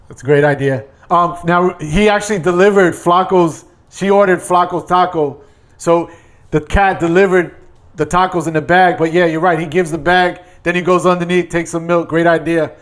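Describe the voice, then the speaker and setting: A man's voice: a little high, fairly even intonation, moderate pace. A man from New York hosting a podcast, eager and agreeable, laughing a lot. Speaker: podcast host. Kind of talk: casual interview chat.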